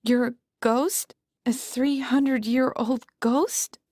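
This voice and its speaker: A woman's voice: high voice, fairly even intonation, slow pace, a little mellow, no echo, studio quality. A woman voicing a bewildered young modern heroine in an audiobook, startled and questioning. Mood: incredulous. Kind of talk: audiobook character voice.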